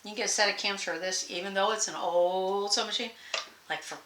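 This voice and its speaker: A woman's voice: mid-range voice, fairly even intonation, brisk. Folksy woman rambling in an echoey room. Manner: folksy, rambling, laughs often. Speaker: sewing channel host. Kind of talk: casual chatty vlog. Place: home sewing room. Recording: echoey room, faint noise.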